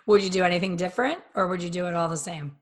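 A woman's voice: fairly low pitch, steady tone, very fast. A woman hosting a podcast, chatting with a guest in a friendly, gushing way. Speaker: podcast host. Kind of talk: casual podcast interview.

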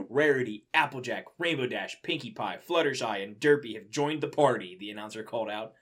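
A man's voice: mid-range voice, fairly quick, fairly bright tone, husky. Young man reading fan fiction aloud, laughing. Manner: laughing, incredulous asides. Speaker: reader.

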